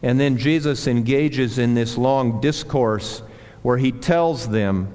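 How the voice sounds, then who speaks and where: A male pastor delivers a sermon at an unhurried, measured pace, leaning on repetition for emphasis. His mid-pitched voice carries a long reverb, as if filling a large church hall. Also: a little mellow. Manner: slow, deliberate preaching with emphatic repetitions. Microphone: handheld or clip mic that slipped.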